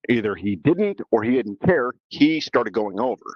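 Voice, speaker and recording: A male podcast host tells a story in a loose, rambling way and keeps restarting his sentences. His voice sits in a middle pitch range. The recording is dry and a little dull. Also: animated, moderate pace, dry recording. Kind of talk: casual chat, storytelling.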